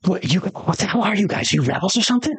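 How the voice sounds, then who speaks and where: A young runaway noblewoman held captive, put on by a man running the game. She sounds desperate and foul-mouthed, with urgent, pleading lines pitched a little above his own voice. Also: expressive, fast talker, slightly rough, dry recording, heavily acted. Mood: suspicious.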